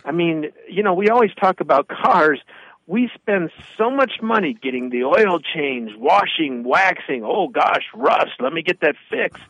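A man in his fifties co-hosting a radio talk show, telling lively anecdotes and acting out both sides. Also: on the high side, unhurried, no room sound, dull audio. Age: 50s. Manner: animated storyteller, acts out both sides of anecdotes.

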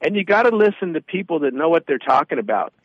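A man in his fifties talks on radio, animating his stories with quick back-and-forth voices. His voice sits a bit high. The sound is dry and close but somewhat dull and muffled. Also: no room sound. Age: 50s. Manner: animated storyteller, acts out both sides of anecdotes. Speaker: radio show co-host. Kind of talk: casual radio talk.

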